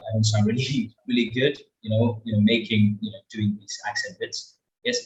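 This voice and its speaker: A low-voiced man, giving a webinar talk with lots of fillers and repeats. He sits back from the mic in an echoey room. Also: little pitch movement, moderate pace, far from the mic. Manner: rambling, many fillers and repeats. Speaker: webinar speaker on English accents.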